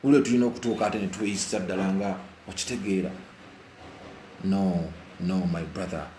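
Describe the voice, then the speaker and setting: Impassioned Ugandan man, low voice, echoey room. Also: fairly even intonation, brisk, warm tone, slight background noise. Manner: impassioned, repeats phrases, mixes Luganda and English. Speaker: vlogger. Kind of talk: emotional live commentary. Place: indoors while rain falls outside.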